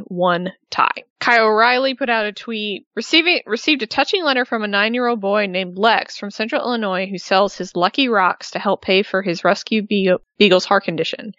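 A woman's voice: mid-range voice, fairly bright tone, dry recording. Woman cohost just chatting and reading tweets, dry dull lo-fi mic. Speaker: podcast co-host. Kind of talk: casual chat, reading tweets aloud.

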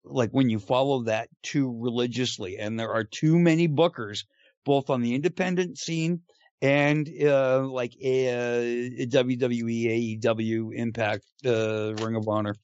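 A man's voice: medium pitch, fairly even intonation, unhurried, darkish tone, no echo, lo-fi sound. A man co-hosting a podcast, talking through points hesitantly with many ums and uhs. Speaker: podcast co-host. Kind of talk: casual podcast talk.

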